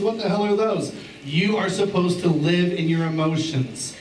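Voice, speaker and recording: A middle-aged pastor preaching in a relaxed, joking manner, repeating his key words for emphasis. His voice sits high for a man. It is heard from a little way off in a roomy church with faint background hum. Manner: conversational and joking, with repeated phrases. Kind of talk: sermon. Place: church sanctuary. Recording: roomy church sound from a distance.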